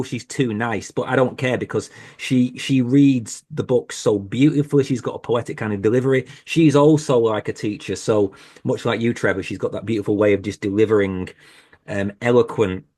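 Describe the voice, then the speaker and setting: A man's voice: on the low side, darkish tone. A man speaking as a horror podcaster on a panel, rambling and self-deprecating with many restarts, over a video call. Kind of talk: casual panel chat.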